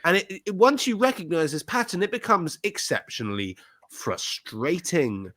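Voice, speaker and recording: A man co-hosting a podcast, talking in a blunt, sweary, animated rant. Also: high voice, normal speed, dry recording. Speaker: podcast co-host. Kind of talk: ranty casual chat.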